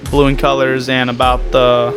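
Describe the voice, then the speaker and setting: A man's voice: medium pitch, completely flat delivery, normal speed, over music. A man talking casually about his animation projects, rambling with plenty of fillers and restarts. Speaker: animation creator and vlogger. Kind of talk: casual vlog talk.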